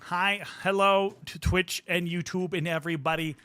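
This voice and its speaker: A man's voice: sits high, fairly even intonation, moderate pace, pushed and bright, smooth, dry recording. A young man chatting playfully with his viewers as a livestream host, a little out of breath. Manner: playful, chatty, talks to chat. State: mildly out of breath. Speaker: streamer. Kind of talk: casual livestream chat.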